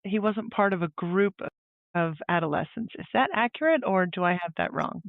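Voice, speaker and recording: A woman host with a therapist's calm, asks measured clarifying questions. Her voice is thin and tinny, as if heard over a phone line. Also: lowish voice, vocal fry, no echo. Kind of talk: interview questions.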